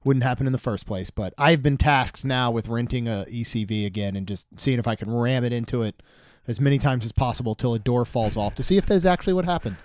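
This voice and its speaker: A man co-hosting a podcast, chatting in a relaxed, wry, joking way. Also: mid-range voice, quick pace, dry recording. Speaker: podcast co-host. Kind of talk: casual chat.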